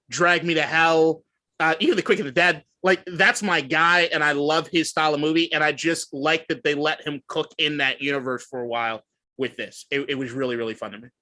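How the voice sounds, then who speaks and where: Male co-host, casual chat, bright and slightly high-pitched, keen film fan. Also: steady tone, moderate pace. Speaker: podcast co-host.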